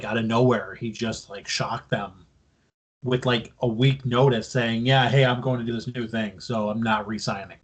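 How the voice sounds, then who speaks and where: A man's voice: mid-range voice, breathy edge. A man co-hosting a casual wrestling podcast, explaining news at length in a loose, profane way. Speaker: podcast co-host.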